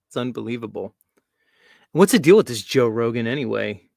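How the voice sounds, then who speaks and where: A man's voice: mid-range voice, gravelly, a little mellow, no echo. A man hosting a show, talking casually in a mocking, rambling way. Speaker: host. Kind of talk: casual livestream talk.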